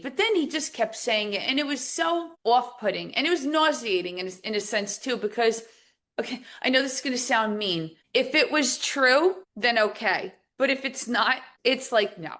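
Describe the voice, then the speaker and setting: A middle-aged woman from New Jersey, a podcast guest talking casually, animated and emphatic as she tells stories. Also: fairly high pitch, normal speed. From New Jersey, USA. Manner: animated storyteller, lively emphatic outbursts. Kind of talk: casual conversational interview.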